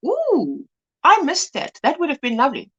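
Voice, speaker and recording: A woman's voice: sits high, huge pitch swings, normal speed, fairly bright tone, highs cut off. A woman hosting a casual livestream chat, greeting viewers by name and laughing often. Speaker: livestream host.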